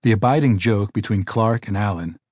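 A man narrating a nonfiction audiobook in a measured, even reading style. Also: on the low side, dry recording, studio quality.

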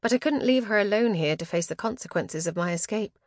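A woman reading a first-person fantasy novel aloud, expressive and dramatic, with tense rises at moments of action. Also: medium pitch, fairly quick, dry recording, studio quality. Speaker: audiobook narrator.

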